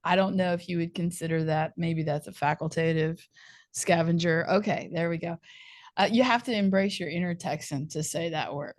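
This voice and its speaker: A woman hosting a podcast, chatty and animated, laughing often as she talks. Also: fairly low pitch, brisk, no room sound, studio quality. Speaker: podcast host. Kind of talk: podcast interview.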